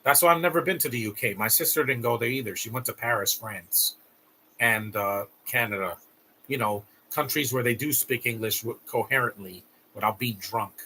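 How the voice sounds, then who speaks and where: A man's voice: mid-range voice, moderate pace, sharp tone, husky. A young man hosting a live stream, chatting casually and rambling with frequent restarts while reacting to a movie. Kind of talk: casual watch-along commentary.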